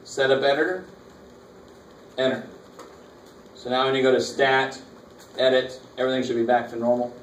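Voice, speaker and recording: A man's voice: medium pitch, flat delivery, normal speed, pauses often. A man teaching a college math lecture, casually walking students through calculator steps with slangy asides. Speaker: math instructor. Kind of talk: classroom lecture. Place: college classroom. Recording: echoey classroom, mic far off, faint noise.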